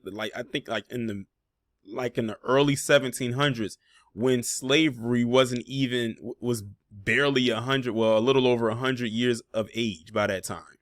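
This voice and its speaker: A man's voice: medium pitch, no room sound, studio quality. A man hosting a reaction commentary video, talking casually and pointedly, with sarcastic asides and frequent fillers.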